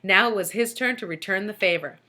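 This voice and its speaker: A woman reading a children's book aloud with lively storytelling. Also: medium pitch, a little fast. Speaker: reader.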